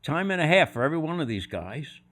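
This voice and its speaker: A man's voice: on the high side, sing-song, fast, a bit bright. An older man on a podcast as a guest, telling anecdotes and acting out other people's voices in quotes. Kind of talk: storytelling anecdotes.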